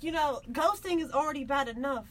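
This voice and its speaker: A woman's voice: high voice, a little fast, a bit bright. A young woman, a student, chatting casually in blunt, wry slang. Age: young adult. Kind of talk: casual group chat.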